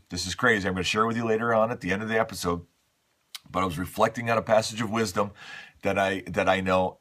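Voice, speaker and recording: Low-voiced guy talking soft and hushed at home, sounds worn out and a bit rough, chatty morning show host. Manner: speaking softly and a bit hushed. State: tired, slightly rough voice. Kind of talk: casual talk to camera. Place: at home, seated in a chair.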